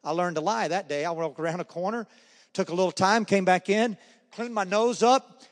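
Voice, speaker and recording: A man with a slightly high voice tells his faith testimony in a lively storytelling manner, acting out the voices of the people in his stories. His voice rings out with a long hall reverb, as though he is speaking in a large meeting room. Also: normal speed.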